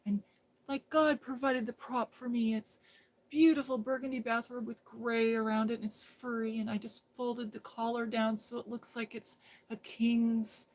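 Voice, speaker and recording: A woman live streaming, telling a story casually in a rambling way that drops into hushed whispers. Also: on the high side, flat delivery, moderate pace.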